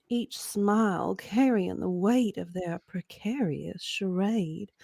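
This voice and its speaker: A woman reading a story aloud with expressive narration and character voices. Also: on the low side, vocal fry, dry recording.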